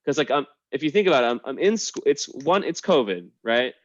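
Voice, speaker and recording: A man's voice: mid-range voice, lively intonation, brisk, no room sound, muffled recording. A man hosting a casual group video chat, rambling with many fillers and restarts. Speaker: host.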